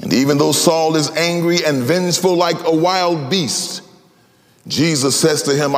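A man preaching a sermon dramatically, slowing for emphasis and rising into sing-song phrases. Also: in a large hall. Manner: dramatic, swinging between slow low emphasis and high, sing-song rises.

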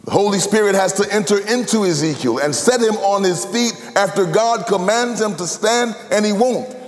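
Preacher with a long hall echo. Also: male voice, lively intonation, normal speed, faint music behind. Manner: preaching cadence, sweeping from loud high emphasis to low hushed tones. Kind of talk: sermon.

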